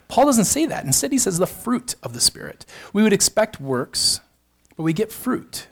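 A man's voice: high-pitched, big pitch swings, brisk, gravelly. A married man preaching a sermon, emphatic and building to fervent repeated phrases. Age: adult, married. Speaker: pastor.

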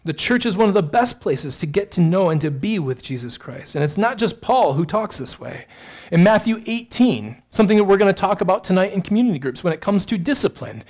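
A male pastor preaching a sermon with earnest emphasis, rising on key points and adding quick asides to the congregation. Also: high-pitched, very animated, darkish tone.

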